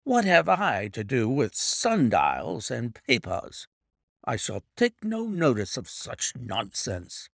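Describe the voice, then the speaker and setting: A man reading a story voices an obstinate, blustering older English gentleman who talks in a gruff, dismissive way. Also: medium pitch, huge pitch swings, slow pace, no room sound, studio quality, pitched below the performer's own voice, exaggerated voice.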